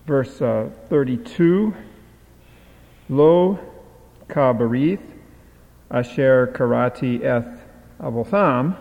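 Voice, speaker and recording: Gravelly-voiced man lecturing haltingly. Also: mid-range voice, expressive. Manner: halting, with frequent filler sounds. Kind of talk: lecture explaining Hebrew grammar. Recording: dull lo-fi sound in a reverberant hall.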